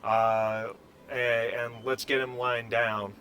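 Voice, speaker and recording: A man voicing a calm, firm woman doctor who gives instructions in a tabletop game. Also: medium pitch, takes it slowly, soft background music. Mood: instructing.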